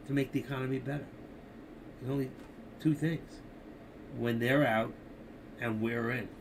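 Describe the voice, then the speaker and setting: A man's voice: medium pitch, gravelly, a little hiss or hum. An older man hosting a casual live stream, talking markets and opinions in a rambling, opinionated way, speaking straight to his viewers.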